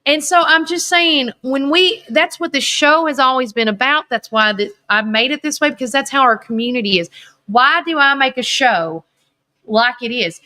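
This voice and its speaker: A woman from Warren County, Tennessee, hosting a local live talk show in a casual, animated, rambling way. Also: sits high, moderate pace, rough recording. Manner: animated, rambling, repeats herself. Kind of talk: casual live-stream chat.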